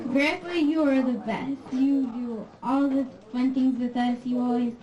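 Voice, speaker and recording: A woman's voice: high-pitched, slow, lo-fi sound. A young woman toasting her grandfather, giggly and emotional. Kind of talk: sweet birthday speech. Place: room at a family party. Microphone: far camcorder. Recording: echoey room from far off, crowd chatter.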